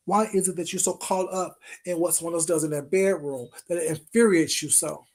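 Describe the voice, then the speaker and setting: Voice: mid-range voice, fairly even intonation, fairly quick, few pauses, darkish tone. Taunting vlogger in a sarcastic rant. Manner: taunting, sarcastic, drawls pet names; asks pointed rhetorical questions again and again. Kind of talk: confrontational call-out rant.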